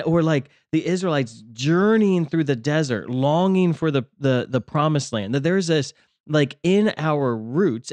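A man's voice: medium pitch, a little mellow, no echo. Reflective man sharing faith thoughts. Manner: reflective, many fillers and restarts. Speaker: podcast co-host, ministry leader. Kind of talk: casual faith discussion.

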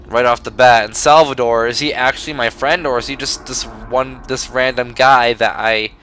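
A man's voice: medium pitch, steady tone, moderate pace, a bit bright, a little hiss or hum. Sarcastic young man's gaming commentary. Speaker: gaming YouTuber. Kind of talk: let's play commentary.

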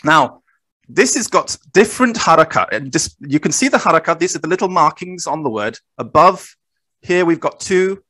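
A man presenting and explaining slides in a recorded discussion, talking in a measured, self-correcting way. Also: on the high side, lively intonation, sharp tone. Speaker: guest presenter.

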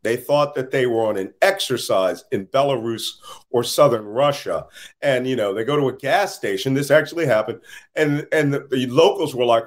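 A tired man talking as an interview guest, telling stories in an animated way and laughing now and then, heard over a remote call. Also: mid-range voice, normal speed. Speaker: interview guest, security analyst. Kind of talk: casual interview talk.

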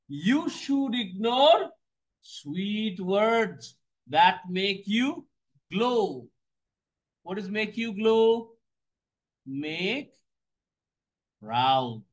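A man teaches a poem line by line in a notably high voice. He moves at an unhurried, deliberate pace. He keeps repeating words and asks questions that he then answers himself. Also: poor audio. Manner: explains slowly, repeats phrases, asks and answers his own questions. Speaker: English teacher.

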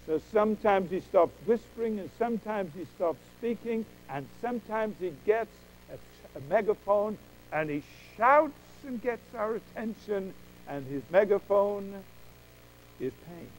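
Emphatic preacher with a high voice. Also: male voice, lively intonation, slight background noise, low-quality recording. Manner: emphatic, dramatic pauses, quotes God's voice. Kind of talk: sermon.

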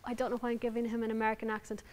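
A woman's voice: on the high side, monotone, very fast, a little mellow. An Irish woman novelist reading her work aloud and then answering audience questions, candid, wry and self-deprecating. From Ireland. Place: university lounge before an audience.

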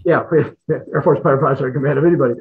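A man's voice: a little high, fast talker. Middle-aged guy rambling through war stories on a video call, stumbles over words, sounds like a phone. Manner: rambling, repeats words, chuckles. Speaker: guest, retired fighter pilot. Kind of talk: casual storytelling in an interview. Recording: tinny phone-like line.

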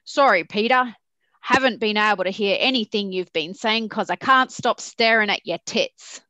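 A woman's voice: medium pitch, moderate pace, sharp tone, no echo, lightly acted. A crude, blunt male company boss, as a woman puts him on, talks in an Australian accent. His voice is dry and close, with no room sound around it, and he is offhand and careless with his words. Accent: Australian, as put on.

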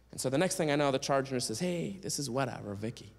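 A man's voice: a little high, fast talker. A man giving a storytelling sermon as a guest speaker and singer, animatedly acting out the voices of the people in his story. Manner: animated storyteller who acts out quoted voices. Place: church sanctuary. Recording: long church reverb.

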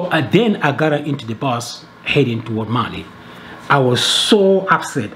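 Man, casual storytelling, repeats words, pitch jumps high when excited, faint background hum. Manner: animated retelling, repeats words and restarts. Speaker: travel video creator.

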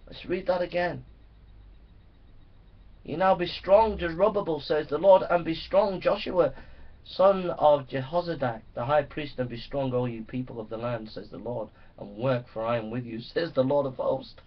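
A man's voice: mid-range voice, normal speed. Fervent preacher man, lo-fi. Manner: fervent, rising to loud exhortation. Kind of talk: sermon. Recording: dull lo-fi recording.

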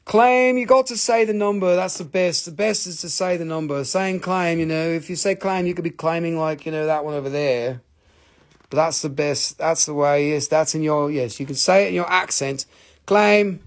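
A man with an Appalachian American accent hosting a casual live crystal sale, chatty and excitable, swearing and reading out buyer claims. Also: fairly high pitch, moderate pace. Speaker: live-stream crystal seller.

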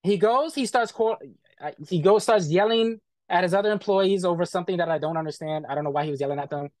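A man's voice: high voice, fast talker, a little mellow, no room sound, clean studio sound. A man being interviewed, bluntly retelling a bad experience in casual, profane talk full of quoted back-and-forth.

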